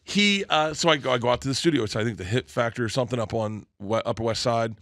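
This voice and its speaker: A man, a comedian guest, telling a long anecdote in an excitable way, with quick restarts and stammers, and slipping into other people's voices. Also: medium pitch, no echo, studio quality. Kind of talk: animated storytelling anecdote.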